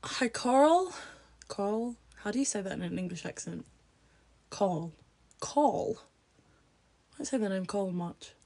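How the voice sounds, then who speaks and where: A woman's voice: lowish voice, very fast, gravelly, hardly any pauses, a little mellow. A young woman chats with her viewers on a livestream. Her talk is casual, blunt and openly crude, and she laughs often as she goes. She keeps it loose and unfiltered.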